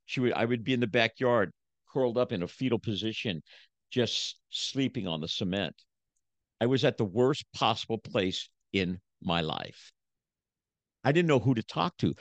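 A man's voice: on the low side, dry recording. A man who is a motivational speaker and preacher, telling his story in a casual podcast interview with emphatic, repetitive phrasing.

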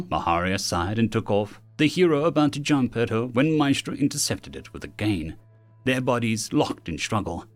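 A man's voice: moderate pace, faint music behind. A man narrating a fantasy web novel as an audiobook, lifting his voice for the characters' lines. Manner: lively, raises pitch for character lines.

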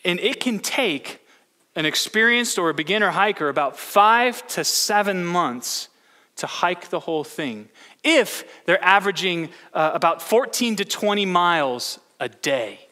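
Male pastor, bright tense voice, chatty sermon full of restarts, echoing church hall. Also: high voice, lively intonation, a little slow. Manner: storytelling with many restarts. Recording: long hall reverb.

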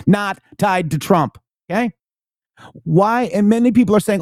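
A man co-hosts a loose political talk stream, and his voice sits a little high. He keeps firing off rhetorical questions and leans hard on his points. The sound is dry and close. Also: unhurried, darkish tone, no room sound. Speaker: co-host.

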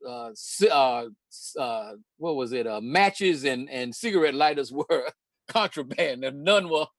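A man's voice: mid-range voice, expressive, unhurried, no room sound. An older man from North Carolina, hosting a casual talk and telling stories with many restarts and laughs. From Charlotte, North Carolina, USA. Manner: storytelling, hesitant with many restarts, laughs often. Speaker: host.

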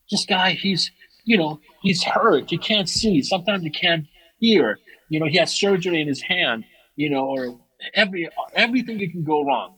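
A man's voice: moderate pace, slightly rough, poor audio. A middle-aged man, a martial arts teacher and podcast guest, chatting casually and animatedly, often restarting his sentences. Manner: animated storyteller, restarts often, rises in pitch for emphasis. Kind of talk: casual conversation.

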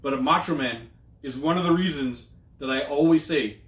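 A man's voice: a little high, moderate pace, recorded from a distance. Guy cohosting a podcast, swears a lot, just riffing, sounds kinda echoey. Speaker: podcast co-host. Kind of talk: casual chat. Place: room streamed live.

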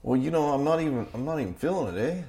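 A man voicing a tipsy Canadian man who is puzzled about his beer, talking quickly and ending lines with 'eh'. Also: on the high side, expressive, mellow, pitched above the performer's own voice.

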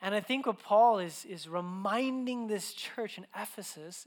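A young man preaching a sermon, telling personal stories in an animated, conversational way with frequent restarts. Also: high voice, unhurried, hardly any pauses.

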